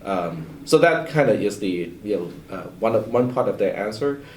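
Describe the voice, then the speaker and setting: A man's voice: lowish voice, expressive, normal speed, slight background noise. A man in his fifties from Hong Kong, a professor answering a panel question in a rambling way, with many fillers and restarts. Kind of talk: panel discussion. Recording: roomy, distant mic.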